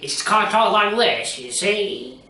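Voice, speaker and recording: A man's voice: high-pitched, lively intonation, slow, sharp tone, voice pushed up, full character voice. A man putting on a nasal old-time gangster. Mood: tough. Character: 1930s gangster man, tough talker. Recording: echoey room, off mic.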